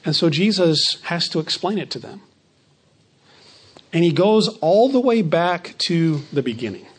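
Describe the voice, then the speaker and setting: Higher-voiced man preaching a sermon. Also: big pitch swings, slightly rough. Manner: emphatic preaching, slows on key phrases and drops softer. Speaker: pastor.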